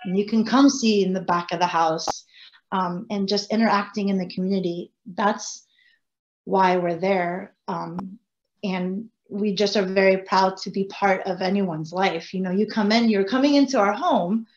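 A woman who owns a family restaurant, telling animated stories on a video-call panel. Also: mid-range voice, moderate pace, highs cut off. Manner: animated, chatty storytelling. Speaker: restaurant owner. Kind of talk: panel discussion.

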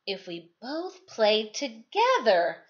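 A woman voicing a kind, gentle male wiener dog who pleads to share toys, in a read-aloud storybook. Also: a little high, wildly swooping pitch, slow, lo-fi sound, heavily acted. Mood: pleading.

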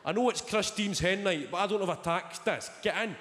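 A man's voice: high-pitched, brisk, very noisy, voice pushed up, close to an everyday voice. A man playing an exasperated limousine driver, pleading and fed up. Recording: large hall with loud audience laughter.

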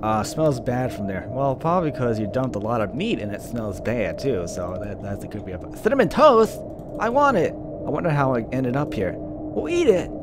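A man hosting a casual let's-play gaming video, swearing, laughing at his own jokes and thinking out loud as he plays. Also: fairly low pitch, animated, moderate pace, few pauses, background noise.

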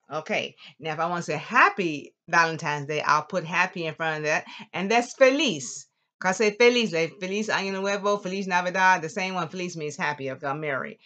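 A woman teaching a lively classroom language lesson, drawing out words slowly for the class to repeat. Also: on the low side, muffled recording. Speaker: Spanish teacher.

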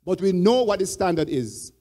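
A man's voice: high-pitched, very animated, normal speed, warm tone. A church elder teaching a Bible study. He repeats his points and prompts the group with fill-in "what?" questions.

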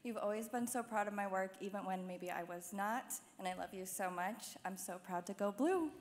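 A young woman graduate giving quick, soft-spoken thanks. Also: medium pitch. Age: young adult. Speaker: graduating student. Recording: hall reverb, clear noise.

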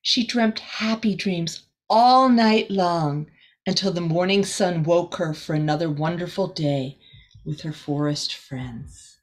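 A woman who teaches as a volunteer, reading a storybook aloud for children and gently adding asides for her young listeners. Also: fairly low pitch, slow.

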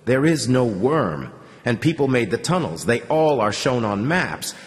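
A man's voice: mid-range voice, big pitch swings, a little slow, in a large hall. A man voicing a young male captive who questions his captors tensely and urgently.

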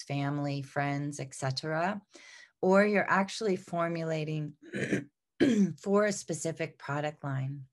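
A middle-aged woman with a low voice gives an unscripted lesson as she works through her slides. She sounds a little congested and often pauses on ums and restarts as she looks for the words. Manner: unscripted, many fillers and restarts. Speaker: aromatherapy teacher.

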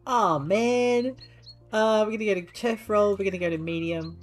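This gaming channel host has a medium-pitched voice, talks at normal speed, and faint music plays behind her. Using a desk mic at home, she casually narrates her play and occasionally breaks off to speak affectionately to her dog.

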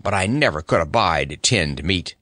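A man doing a low rumbling storybook lion. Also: animated, normal speed, bright, forceful tone, dry recording, clean studio sound. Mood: grumbling. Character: lazy, hungry lion, gruff male. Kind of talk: audiobook character voice.

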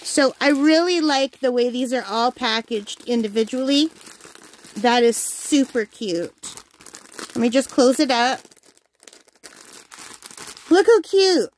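A woman's voice: a little high, measured pace, a little hiss or hum. A woman hosting a crafting channel, chatting casually and enthusiastically at home while unboxing, with the hiccups. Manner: chatty, enthusiastic, easily delighted. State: has the hiccups.

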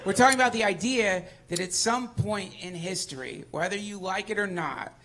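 A man guesting on a live comedy podcast, ranting excitedly and swearing a lot, sometimes building to shouts. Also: high voice, moderate pace, a crowd in the background. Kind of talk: casual comedic chat on a live show. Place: live venue on stage.

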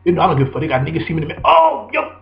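A high-voiced man rants at a rapid clip, preachy and profane, hammering the same phrases over and over. The recording is dull and lo-fi. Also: fairly even intonation. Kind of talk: ranting monologue.

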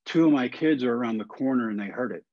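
A man in his forties from Texas tells a story in a folksy way, acting out the people in it as he goes. His voice sits at a middle pitch. The recording is dry and a bit dull on top. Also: expressive, fast talker, no echo. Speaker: guest. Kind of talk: storytelling in a podcast interview.

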